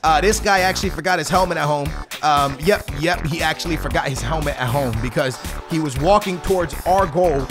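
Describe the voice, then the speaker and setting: Young guy, high voice, hyped then grumbly commentary over a soccer game, faint music behind. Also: fairly quick, hardly any pauses. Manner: excitable, slangy, swings between hype and grumbling. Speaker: gaming YouTuber. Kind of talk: gameplay commentary.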